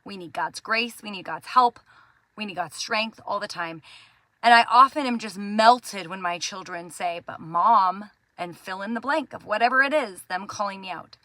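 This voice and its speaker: A woman hosting a devotional talk for Christian mothers, speaking in an earnest, gentle and encouraging way. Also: mid-range voice, moderate pace, no room sound. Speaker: Christian parenting host.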